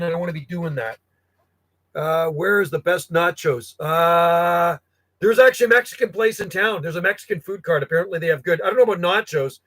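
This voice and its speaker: Man, radio hobbyist, higher voice, easygoing rambling on-air chat. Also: a bit bright, low-quality recording. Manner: rambling and friendly, chatting to callers while logging contacts. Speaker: ham radio operator.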